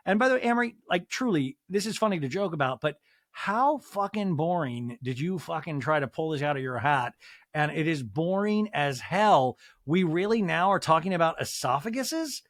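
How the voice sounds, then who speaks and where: A man's voice: a little high, lively intonation, moderate pace, dry recording, studio quality. A man hosting a podcast, recapping reality TV with sarcasm, swearing and mimicry. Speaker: podcast host.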